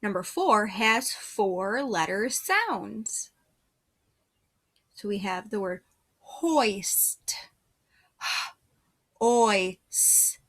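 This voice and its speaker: Slow, bright-voiced woman teaching phonics. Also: mid-range voice, expressive, breathy edge. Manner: slow, patient, sounds out letters one by one. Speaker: first grade teacher. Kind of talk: slow phonics dictation lesson.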